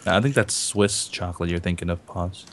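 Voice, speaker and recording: A man's voice: deep voice, moderate pace. A man on a casual podcast, teasing the others with short jokey replies. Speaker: podcast co-host. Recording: loud clicking noise behind voice.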